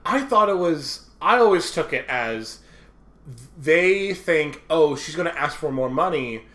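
A man's voice: a little high, lively intonation, a bit bright, roomy sound. A man co-hosting a casual podcast, recapping a movie in a wry, playful way and acting out lines. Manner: wry, playful, talks fast in bursts and acts out lines. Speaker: podcast co-host.

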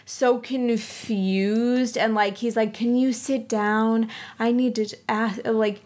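A woman co-hosting a casual movie podcast, animated and swearing freely as she acts out scenes. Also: on the high side, slow pace. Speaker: podcast co-host.

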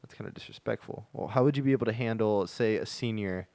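A rapid-fire, foul-mouthed interviewer who piles on outlandish scenarios, played by a man in an improvised skit. His voice is fairly low and the recording is dry and close. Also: vocal fry, darkish tone, no echo. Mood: probing. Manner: rapid, profane, escalating rants. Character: fast-talking male job interviewer, quick to lose temper.

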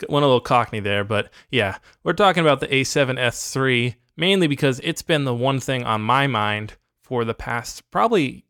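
Male co-host, smooth voice, put-on Australian accent, enthusiastic and jokey, dry close mic. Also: medium pitch, normal speed, few pauses, dry recording. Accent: mock Australian accent. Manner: playful, enthusiastic, deadpan jokes. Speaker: podcast co-host. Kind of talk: casual podcast banter.

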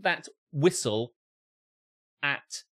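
Sweary, animated podcast host. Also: male voice, fairly high pitch, very slow. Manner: sweary, animated ranting with acted-out impressions. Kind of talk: casual chat.

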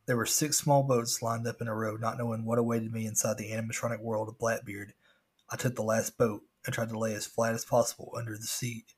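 A man's voice: fairly low pitch, level tone, a little fast, slightly rough. A man reading a scary story aloud as a podcast host, with casual asides.

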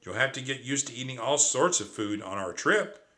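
A man voicing a bold, bossy young female mouse in a storybook read-aloud, brisk and coaxing. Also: medium pitch, animated, bright, forceful tone. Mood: secretive.

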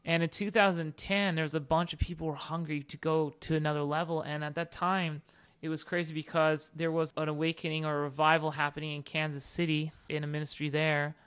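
An earnest preacher teaching in an informal sermon style, weaving stories into the message. The voice is smooth and resonant, pitched in a middle range. Key declarations swell into loud, emphatic statements. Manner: retells stories with repeated "and all of a sudden".

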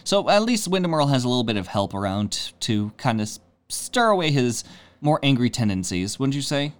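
Man, mid-pitched voice, easygoing, chatty, lots of filler words, podcast co-host. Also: big pitch swings, brisk. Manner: easygoing, chatty, hedges with "like" and "I mean". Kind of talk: casual chat.

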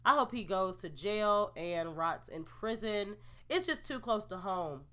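A young woman hosting a casual solo podcast, opinionated and expressive, groaning in disgust and laughing in disbelief as she reacts to the news. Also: mid-range voice, unhurried. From New Jersey, USA. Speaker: podcast host.

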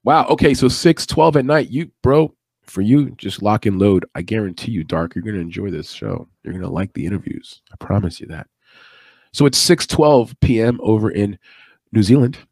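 A man's voice: lowish voice, moderate pace, gravelly, darkish tone, no echo, studio quality. A man hosting a late-night MMA podcast, talking in a chatty, opinionated, rambling way with asides. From United States East Coast. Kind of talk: casual live-stream commentary.

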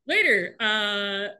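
A woman in casual chat, recapping a TV episode with lively, laughing delivery and quick acted-out lines. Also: medium pitch. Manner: animated, laughing often, acts out characters' lines. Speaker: podcast co-host recapping a TV episode.

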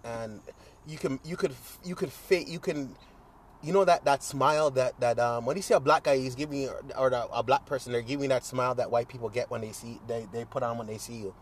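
A man's voice: medium pitch, brisk, husky. A young man hosting his own podcast in a casual solo monologue, rambling and swearing freely, with many fillers and restarts. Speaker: podcast host.

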